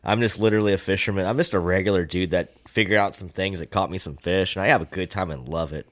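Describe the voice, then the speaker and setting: A middle-aged man telling a fishing story in casual podcast chat, profane and animated when he acts out the exchange. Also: deep voice, fast talker. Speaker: podcast guest, swimbait angler.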